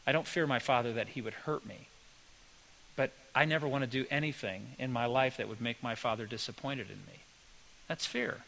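A man preaching a sermon with a bright, forward voice. He keeps it folksy and conversational and drifts into homespun stories. A faint hiss sits under the recording. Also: medium pitch, low-quality recording. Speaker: pastor.

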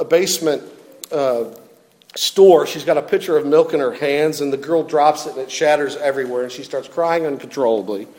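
A middle-aged man preaching a sermon, telling a story and swinging between loud appeals and quiet, soft passages. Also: on the high side. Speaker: pastor.

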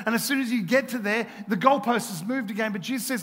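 A pastor preaching a sermon in a church, asking his listeners questions and moving between loud passages and hushed ones. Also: very high-pitched, quick pace, few pauses. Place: church hall. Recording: reverberant church hall.

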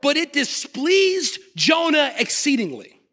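A man, a pastor, preaching a sermon and telling the story in a lively way, often asking the congregation for an amen. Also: very high voice, takes it slowly, big-room sound.

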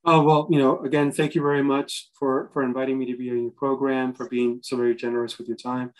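A man speaks as a guest on an interview podcast. He gives earnest motivational advice, pausing and restarting often. His voice sits at an ordinary pitch. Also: flat delivery, rough recording. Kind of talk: interview conversation.

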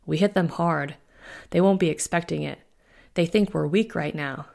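A woman voicing a gravelly old werewolf chief. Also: low-pitched, moderate pace, darkish tone. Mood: blunt. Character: older gruff male werewolf alpha.

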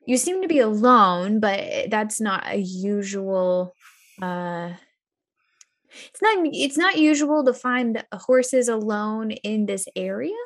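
A woman playing her character in a tabletop game, polite and gentle, often laughing. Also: mid-range voice, animated, takes it slowly. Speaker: player. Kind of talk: tabletop role-play.

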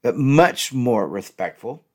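A man's voice: medium pitch, lively intonation, slow, a little mellow. A man hosting an instructional podcast, talking straight to his listeners as folks and repeating each example phrase twice. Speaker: podcast host and relationship coach.

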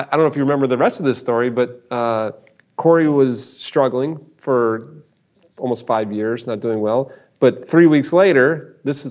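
A man talks through a story as the guest expert in a casual conversation. He repeats himself as he builds up each point and slips into the voices of people he quotes. The sound is muffled and lo-fi. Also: mid-range voice. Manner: animated, repeats words, acts out quotes.

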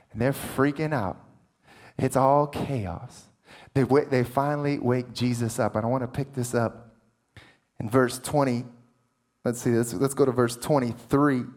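A man preaching a sermon, moving from hushed, close passages to loud, excited ones. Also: on the high side. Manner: animated preaching, swings between hushed and loud. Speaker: pastor.

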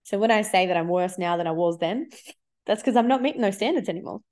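A woman's voice: mid-range voice, fast, darkish tone. A woman in her thirties, a life coach, talking candidly in a casual podcast monologue and swearing freely.

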